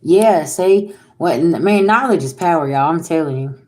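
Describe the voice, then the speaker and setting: A woman's voice: fairly low pitch, lively intonation, a little slow, dark tone. A woman in her forties talking casually on a livestream, blunt and emphatic, swearing freely and speaking straight to her viewers. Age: 40s. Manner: addresses viewers directly. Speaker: psychic livestreamer.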